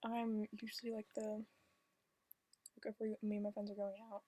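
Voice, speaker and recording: A teenage girl vlogging in a hushed, half-whispered confessional monologue, blunt and deadpan, swearing often. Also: mid-range voice, normal speed, poor audio. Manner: half-whispered, kept quiet on purpose.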